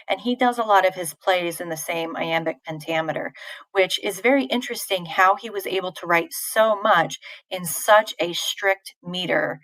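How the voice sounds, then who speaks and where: A woman's voice: on the low side, a bit bright, dry recording, low-quality recording. A woman teacher giving a live online poetry lesson, answering chat questions in a patient, informal way with fillers and restarts.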